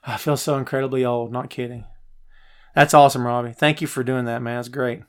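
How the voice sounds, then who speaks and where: A middle-aged man hosting a live stream from his home office, chatty and animated as he answers viewer comments. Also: medium pitch, brisk, clear, resonant tone. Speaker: podcast host. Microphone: headphones, phone nearby.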